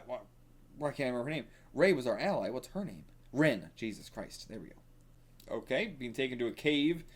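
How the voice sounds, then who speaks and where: A man giving casual reaction commentary while reading manga, excitable and thinking aloud, with frequent swearing. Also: mid-range voice, breathy edge.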